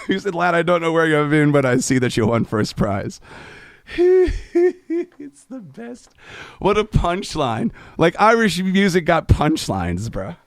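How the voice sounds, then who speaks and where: A man's voice: on the high side, big pitch swings, takes it slowly, creaky, no room sound, clean studio sound. A man chatting on a live stream between folk songs, laid-back, swearing casually and laughing at his own jokes.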